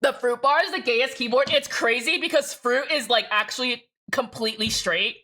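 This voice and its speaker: A young woman streaming live, talking to her chat in a loud, excitable way that jumps from joke to joke. Her voice sits a little high and has a sharp, forceful edge. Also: moderate pace. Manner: excitable, loud and rambling, jokey.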